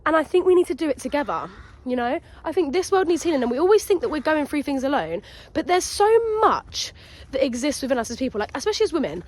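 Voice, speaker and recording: A bright, high-pitched young woman in her twenties talks quickly to her phone while out walking in nature. She rambles and gets excited, piling one thought on top of the next in a casual vlog chat. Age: 20s. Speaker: podcast host. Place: outdoors in a nature reserve.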